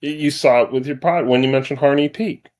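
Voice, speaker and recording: A man from Wisconsin speaks as a podcast guest, reflective and thoughtful. He talks in an unhurried, musing way at a middle pitch. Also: a little mellow. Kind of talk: casual chat.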